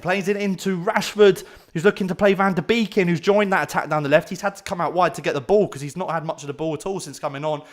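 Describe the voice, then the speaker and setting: Excitable fan calling a match. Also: male voice, sits high. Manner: excitable, shouting at chances then anxious and muttering. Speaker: football fan commentator. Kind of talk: live watchalong commentary.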